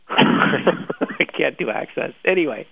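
A gravelly-voiced man co-hosts a casual news talk, animated and opinionated. His voice comes through thin and tinny, like a phone line. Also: mid-range voice, a little fast, background noise. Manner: animated, opinionated, laughs often. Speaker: podcast co-host.

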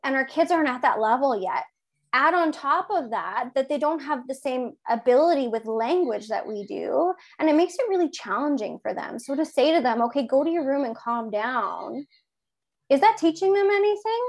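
A woman in her thirties co-hosting a casual parenting talk, animated and acting out quoted lines. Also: brisk. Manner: animated, acts out quoted speech in a higher voice.

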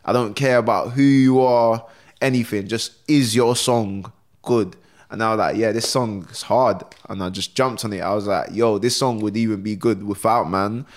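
Young man, rapper guest; low-pitched, relaxed, slangy storyteller who acts out quotes. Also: moderate pace. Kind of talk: casual podcast interview.

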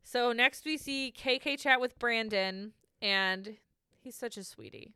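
Bright, crisp-voiced young woman podcaster. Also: on the high side, a little slow, no room sound, clean studio sound. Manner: chatty, laughs often, swears casually. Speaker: podcast co-host. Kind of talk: casual recap chat.

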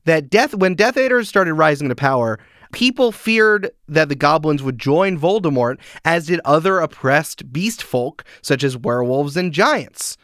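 A man talking casually on a podcast, animated and full of "like" fillers. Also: a little high, measured pace, no room sound, studio quality. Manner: animated, uses many "like" fillers, acts out quotes. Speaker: podcast guest.

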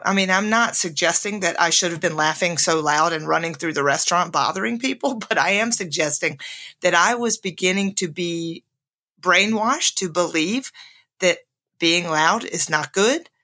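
Forceful, bright-voiced woman podcast host. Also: on the low side, moderate pace. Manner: candid, animated storytelling with frequent laughs. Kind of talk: casual personal monologue.

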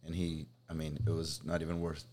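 A man's voice: extremely low pitch, a little fast. A middle-aged man from the Midwest, a podcast guest chatting casually and thinking aloud as he tells stories about business. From Midwest, Kansas. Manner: relaxed storytelling, thinks aloud. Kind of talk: casual chat.

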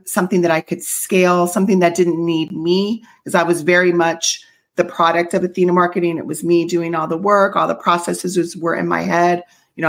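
Chatty middle-aged woman, faint Southern lilt. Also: fairly low pitch. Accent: slight Southern US. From US South (South Carolina). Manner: chatty, upbeat, frequent fillers. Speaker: guest, company CEO. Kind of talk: casual interview talk.

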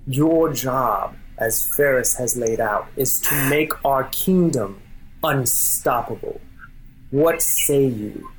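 A man's voice: mid-range voice, lightly acted, low-quality recording. A man doing a shadowy, menacing king. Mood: commanding. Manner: slow, deliberate, commanding. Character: shadowy male king on a gnarled throne, menacing. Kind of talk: tabletop role-play narration.

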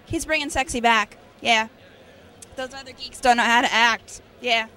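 A woman's voice: on the high side, steady tone, normal speed, pushed and bright. A woman in costume at a convention, chatting in a bubbly, flirty way. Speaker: guest in costume. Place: convention floor.

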